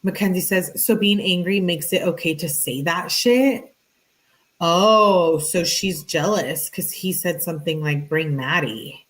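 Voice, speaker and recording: Low-voiced woman reading text messages. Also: a little slow, rough recording. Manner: blunt, conversational, exasperated asides. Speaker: true-crime commentator.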